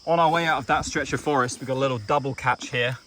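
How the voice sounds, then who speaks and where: A young man hosting a vlog, chatting excitedly and casually as he films outdoors at night by a forest stream. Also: medium pitch, fast, slight background noise. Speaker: vlog host. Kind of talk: casual on-the-spot field commentary.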